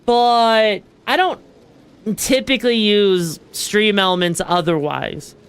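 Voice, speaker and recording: A woman's voice: mid-range voice, takes it slowly, smooth. A woman streamer chatting casually as she sets up a game, rambling with lots of fillers and casual swearing. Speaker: VTuber streamer. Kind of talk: casual gaming stream chat.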